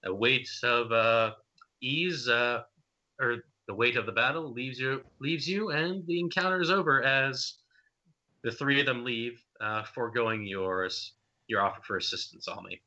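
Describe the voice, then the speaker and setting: A man's voice: medium pitch, unhurried, sharp tone. A young man running a tabletop game as game master, narrating in a loose, hesitant way with many fillers, on dull lo-fi stream audio.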